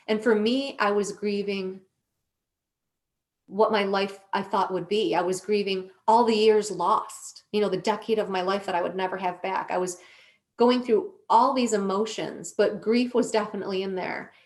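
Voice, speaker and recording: A woman on a podcast as a guest, telling her own story in an earnest, slow, deliberate way. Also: mid-range voice, fairly even intonation. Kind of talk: emotional personal storytelling.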